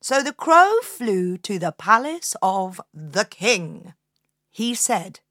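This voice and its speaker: Slow, expressive woman telling a folk tale. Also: medium pitch, dry recording, clean studio sound. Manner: expressive, inviting the listener to join in. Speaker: podcast storyteller. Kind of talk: storytelling for children.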